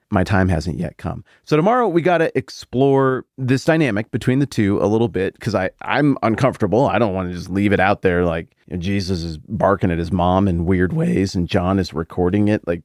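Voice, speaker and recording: This forties-aged podcast host, with roots in the American Mountain West or Upper Midwest, muses his way through a Bible passage in a relaxed teaching monologue, adding conversational asides. His voice is lowish and a little mellow, captured cleanly in a studio with no room sound.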